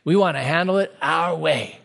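Guy pastor preaching, kinda high voice, earnest and punchy, slows way down to make a point, big echoey church hall. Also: gravelly, a bit bright. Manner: earnest, emphatic preaching with sudden slow-downs. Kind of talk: sermon. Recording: long hall reverb.

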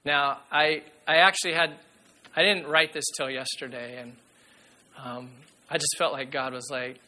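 A man preaching a sermon as pastor, earnest and emphatic, sometimes dropping to a hushed voice. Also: on the high side, steady tone, moderate pace.

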